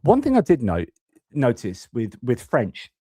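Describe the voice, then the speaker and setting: A man's voice: mid-range voice, huge pitch swings, a little slow, mellow, slightly rough, dry recording, studio quality. A man hosting a live stream on war news, chatty and rambling, full of fillers and restarts. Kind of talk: casual live stream commentary.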